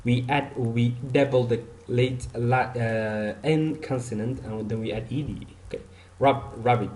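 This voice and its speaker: A man's voice: mid-range voice, fairly even intonation, a little slow, darkish tone. Man teaching English grammar, echoey room. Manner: repeats example words, says okay often. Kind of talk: online grammar lesson.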